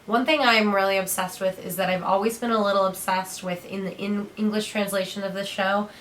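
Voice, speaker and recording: A woman's voice: medium pitch, steady tone, fairly bright tone, a little hiss or hum. A young woman co-hosting a casual review chat, gushing with enthusiasm. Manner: gushing, enthusiastic, rapid asides. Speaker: co-host of a review show.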